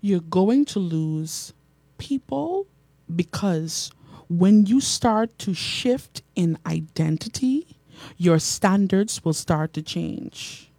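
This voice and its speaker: Animated woman preaching, mellow and dry. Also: fairly low pitch, slow, gravelly, no echo. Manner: animated preaching, repeats phrases, reads out comments. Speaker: radio and online preacher host. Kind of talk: sermon.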